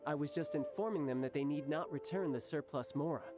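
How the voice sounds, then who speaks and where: A man's voice: a little high, brisk, music in the background, lightly acted. A man voicing a young game character who speaks politely and formally. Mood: cool.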